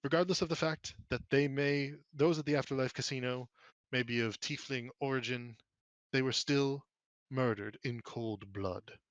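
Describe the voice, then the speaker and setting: A man voicing a stern male brass dragonborn paladin who speaks in a formal, accusing, measured way, in a dry, close recording. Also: mid-range voice, no room sound, highs cut off, natural voice.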